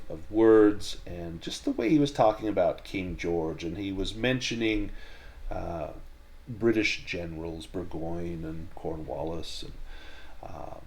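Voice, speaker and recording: Slow, low-voiced male game master. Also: expressive, darkish tone. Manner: measured, descriptive, with frequent ums and restarts. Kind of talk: narrating a tabletop horror game.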